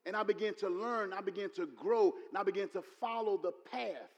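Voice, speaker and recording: A man preaching a sermon, repeating his points and building to loud exclamations. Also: high-pitched, brisk, lo-fi sound. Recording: long hall reverb.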